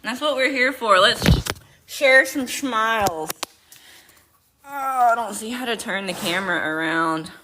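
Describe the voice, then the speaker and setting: Speaking at a measured pace with a fairly high pitch, this Southern US woman in middle age milks goats during a livestream, welcoming viewers by name in homey, casual chatter. A milking machine drones in the background, leaving the recording noisy and humming.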